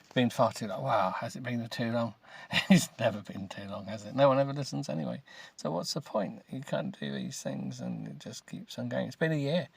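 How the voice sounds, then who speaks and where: A British man hosting a comedy podcast, grumbling and rambling as he reads a book aloud with deadpan, self-mocking remarks. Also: medium pitch, moderate pace, vocal fry, hardly any pauses, husky, no room sound. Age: adult with children. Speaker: podcast host.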